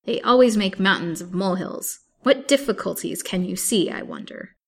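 A woman voicing a blustering, scornful old man who scolds loudly and is a coward at heart. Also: medium pitch, moderate pace, vocal fry, slightly rough. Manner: loud, scolding, contemptuous.

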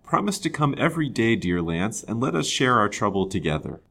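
A man's voice: lowish voice, sing-song, a little fast, gravelly, bright, forceful tone, voice pushed up, heavily acted. A man reading aloud and voicing a handsome widow who speaks sweetly and graciously.

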